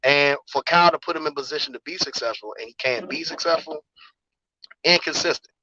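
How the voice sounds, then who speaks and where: A man's voice: a little high, brisk, bright, forceful tone, no echo, muffled recording. A man calling in to a sports show, casual and earnest, building a critical argument. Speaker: caller. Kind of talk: casual sports call-in talk.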